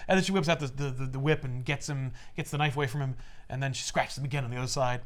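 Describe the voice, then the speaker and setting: A man's voice: medium pitch, steady tone, fast. A man casually recapping a comic story with friends, acting out the characters' lines as he goes. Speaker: podcast co-host recapping a comic. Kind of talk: casual chat.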